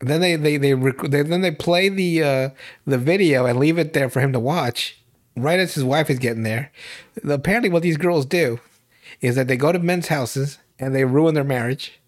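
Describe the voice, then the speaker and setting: Excitable, profane man on a podcast. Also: on the high side, normal speed. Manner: laughing, profane, excitable retelling with loud mock shouting. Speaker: podcast co-host. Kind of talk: casual chat.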